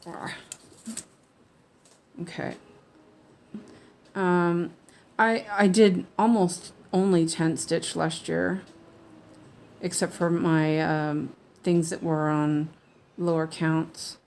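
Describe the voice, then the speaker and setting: A woman talks through her stitching in a casual, unhurried way. Her voice sits fairly low and her pace is very slow. She mutters half-sentences to herself and laughs at her slips. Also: steady tone, creaky, a little mellow. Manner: chatty, mumbling to herself while working, laughs often. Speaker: cross-stitch crafter. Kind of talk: casual stitch-along chat.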